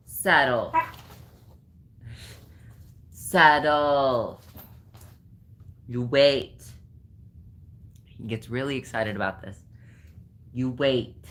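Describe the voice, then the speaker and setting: A woman's voice: very deep voice, fairly bright tone. A woman vlogging at home, chatting to her camera and teasing and training her dog in a playful, laughing way. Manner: teasing baby-talk to the dog, often laughing. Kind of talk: casual chat while playing with and training a dog. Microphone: handheld camera.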